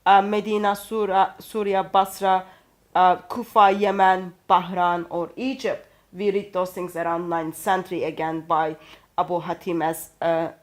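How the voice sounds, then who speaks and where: A woman with a Turkish accent who speaks English as a second language, talking carefully with frequent pauses and self-corrections. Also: on the low side, flat delivery. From Turkey. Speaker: co-host. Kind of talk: apologetics discussion.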